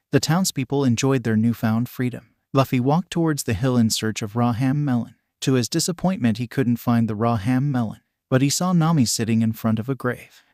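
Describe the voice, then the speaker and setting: A man narrating fan fiction in an even, unhurried reading. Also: mid-range voice, no echo, clean studio sound.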